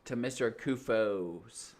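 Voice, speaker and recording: A man co-hosting a casual podcast chat about a TV episode, relaxed and jokey. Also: medium pitch, slow pace. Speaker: podcast co-host.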